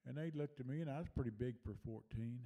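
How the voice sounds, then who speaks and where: A man's voice: mid-range voice, fast talker, warm tone. An older man, telling a personal memory in a folksy, rambling way with plenty of fillers. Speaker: storyteller sharing memories. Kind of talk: casual personal storytelling.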